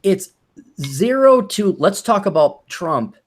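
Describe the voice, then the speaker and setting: A man talking in a lively, swooping voice that sits a little high. He tells stories with a sardonic, profane edge and breaks into mocking high voices when he quotes people in casual podcast chat. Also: slow pace. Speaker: podcast co-host.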